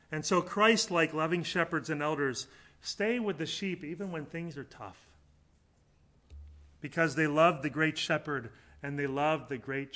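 The speaker, a pastor, talks through his sermon with conversational earnestness. Booming, emphatic lines alternate with soft, low-voiced asides.

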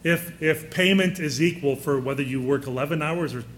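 A man's voice: a little high, normal speed, slight background noise. A man preaching a sermon in a conversational way, often putting questions to his listeners.

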